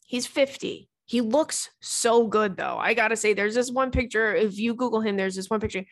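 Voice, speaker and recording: A woman's voice: fairly high pitch, moderate pace, no echo. A young woman hosting a podcast in casual chat, talking frankly and chattily and swearing freely. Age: young adult. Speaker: podcast host.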